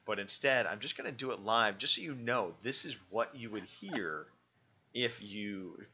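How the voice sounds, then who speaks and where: A man's voice: lowish voice, measured pace, sharp tone, husky, dull audio. A man co-hosting a podcast in a loose, joking chat full of fillers. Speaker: podcast co-host.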